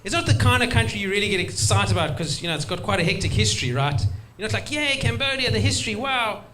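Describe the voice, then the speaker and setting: A man's voice: high voice, expressive, racing, noisy background. A man doing a chatty stand-up set, often laughing at his own jokes. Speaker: stand-up comedian. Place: stage at a live comedy show.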